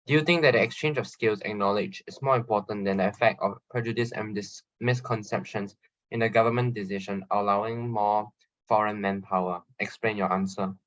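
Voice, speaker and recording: A male student reading a question aloud in class, careful and flat, with a slip. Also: on the low side, a little fast, no room sound, highs cut off.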